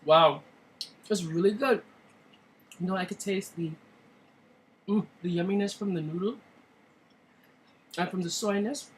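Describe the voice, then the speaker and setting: A man's voice: sits high, measured pace, pauses often, a little hiss or hum. A man doing his buddy, gushing over food. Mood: impressed. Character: his friend, an impressed adult man tasting food.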